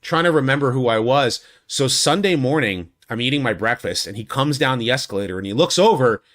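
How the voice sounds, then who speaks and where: A man's voice: brisk, fairly bright tone. A man giving a casual, rambling video recap of a fan convention, talking into a studio USB microphone. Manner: rambling, with many restarts and likes; acts out quotes in a much higher voice. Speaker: YouTube host recapping a convention. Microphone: USB studio condenser mic.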